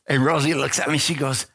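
Man preaching a lively testimony. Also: mid-range voice, creaky, slightly rough. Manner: storytelling, acts out dialogue, asks the crowd for amens. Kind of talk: sermon testimony.

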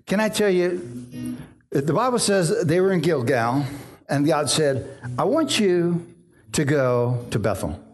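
Middle-aged pastor guy telling stories in a sermon, asks amen a lot, soft music behind. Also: on the high side, slow. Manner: lively storytelling, acts out voices, asks "amen?".

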